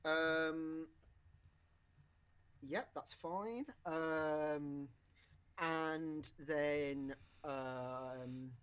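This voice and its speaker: A man's voice: fairly high pitch, extremely slow, long pauses, a bit bright, smooth. Man, casual podcast chat, rambling, lots of ums and likes, hiccups. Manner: rambling, many fillers and restarts. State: has the hiccups. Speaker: podcast co-host.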